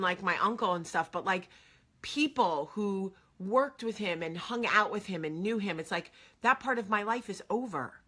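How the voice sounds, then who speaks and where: A woman's voice: mid-range voice, sharp tone. A woman in her forties from New Jersey, hosting and telling a personal story in a chatty, emotional way. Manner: chatty, emotional, filler-heavy. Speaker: host. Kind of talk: casual storytelling.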